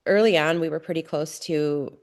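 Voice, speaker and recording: A middle-aged woman, a podcast guest, telling her family story candidly in an earnest, halting way with many restarts. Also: low-pitched, darkish tone.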